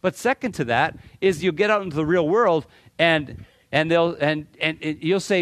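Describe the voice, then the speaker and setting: A middle-aged man from Canada giving a talk to a live audience, animated and joking, often repeating words as he restarts. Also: on the high side, moderate pace, no room sound. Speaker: motivational speaker.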